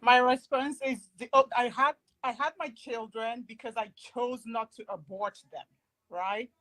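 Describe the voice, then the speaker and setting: Woman in her 40s, bit high voice, earnest and plain, talking in an interview clip. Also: unhurried, fairly bright tone, low-quality recording. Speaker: interview guest.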